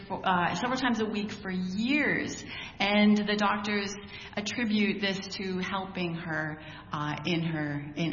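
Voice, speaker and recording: A woman delivers a conversational sermon at a slow, unhurried pace, piling up rhetorical questions. Her voice carries the long reverb of a large hall. A low rumble and faint noise sit behind it. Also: a bit bright. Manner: conversational, prays then preaches with rhetorical questions. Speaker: preacher. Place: church hall. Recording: echoey hall, dull sound.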